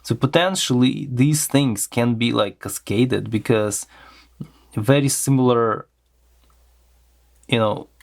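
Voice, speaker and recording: A man with a delivery talks slowly through a hands-on electronics teardown. His voice sits at a middle pitch, and he muses aloud with plenty of fillers and restarts. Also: vocal fry. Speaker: electronics teardown channel host. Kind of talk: casual hands-on teardown commentary.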